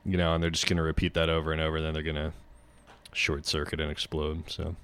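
A man's voice: a bass voice, completely flat delivery, fast, fairly bright tone, smooth. A man hosting a casual sports podcast, rambling through riffs and swearing freely. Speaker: podcast host.

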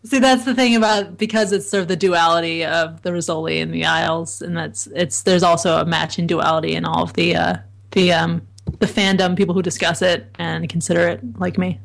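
A woman's voice: on the low side, fairly even intonation, fairly quick, gravelly. A woman calling in as a podcast guest, chatting casually with dry, self-mocking humor. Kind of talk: casual comedic chat. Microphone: remote call-in.

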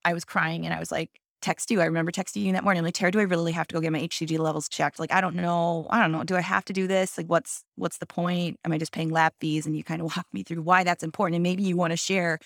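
A woman's voice: on the low side, little pitch movement, fast talker, creaky, no room sound, clean studio sound. A woman guest speaking openly and emotionally in an interview, telling her story with lots of quoted dialogue. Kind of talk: candid interview conversation.

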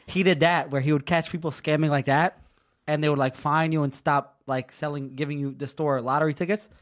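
Kinda high-voiced guy, excitable, butting in on a podcast chat. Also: fairly quick. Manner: excitable, talks over others. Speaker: podcast guest. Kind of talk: casual chat.

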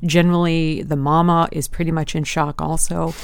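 A midwife explains things earnestly in an easy, conversational way. Her voice sits on the low side for a woman. The sound is dry and close. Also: level tone, moderate pace, vocal fry, smooth, dry recording. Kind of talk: casual podcast conversation.

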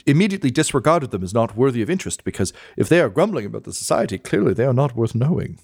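A man doing a fussy servant clerk in a tabletop game, stammering and bowing to his master, then puffing up with pompous scorn for the lower classes. The pitch swings lively through each line. The sound is dry and close. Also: racing, creaky, husky, no room sound, full character voice. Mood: dismissive. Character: fussy, snobbish male clerk servant, adult. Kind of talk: tabletop role-play.

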